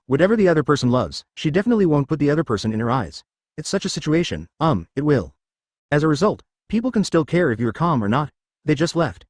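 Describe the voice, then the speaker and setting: Fast, lively male web novel narrator. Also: on the high side, dry recording, studio quality. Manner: rapid, rambling reading.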